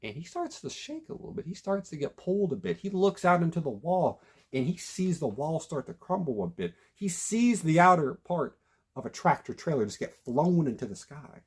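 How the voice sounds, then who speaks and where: Animated husky-voiced man reviewing. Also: fairly high pitch, moderate pace. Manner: animated, emphatic, frequent restarts. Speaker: documentary reviewer. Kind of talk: casual commentary retelling a story.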